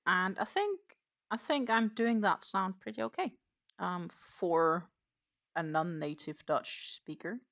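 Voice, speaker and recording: A woman hosting a crochet livestream, chatting in a relaxed, rambling way while she works. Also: on the low side, a little slow, dull audio. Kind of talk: casual livestream chat.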